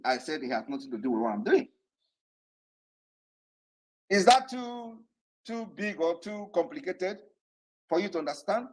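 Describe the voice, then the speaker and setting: A man giving a defiant, impassioned political address to supporters, shouting at times. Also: high-pitched, poor audio. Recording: online audio room broadcast.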